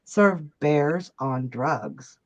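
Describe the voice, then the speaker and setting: A woman doing a deadpan low bartender. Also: muffled recording, exaggerated voice. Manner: deadpan, slow punchline delivery. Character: dry, deadpan male bartender.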